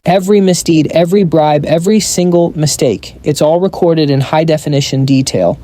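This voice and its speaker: A man's voice: on the high side, fairly quick, mellow. A man narrating a comic story recap in a scripted style, dropping wry joking asides.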